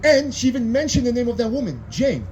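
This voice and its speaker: A middle-aged comedian with a French accent works a club crowd in a stand-up set, his voice sitting high for a man. He talks in a chatty way and keeps tossing in "you know?". A faint hiss runs under the recording. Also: huge pitch swings, fast, darkish tone, low-quality recording. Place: comedy club stage with live audience.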